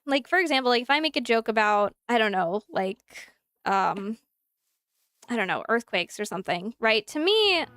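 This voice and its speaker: Young woman streamer, bright high pitch, dry close mic, casual animated live chat. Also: moderate pace, no room sound. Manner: animated, talks through examples, answers chat.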